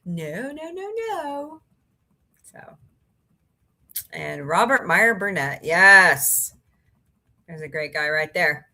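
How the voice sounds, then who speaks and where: A woman hosts a relaxed livestream, talking to her viewers and joking around. Her voice is bright and crisp, and her pitch bounces all over the place. She comes across as chatty and sarcastic. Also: takes it slowly, long pauses. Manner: chatty and sarcastic, jokes and laughs with her chat. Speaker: livestream host. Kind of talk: casual livestream chat reading viewer comments.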